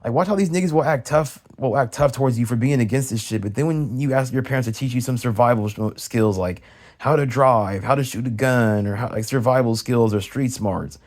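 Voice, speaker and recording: A young man ranting heatedly in a casual vlog, swearing often and repeating himself as he vents. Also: fairly quick. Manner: profane, heated, repetitive ranting; swings high and loud when mimicking others. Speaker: vlogger ranting. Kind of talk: casual rant.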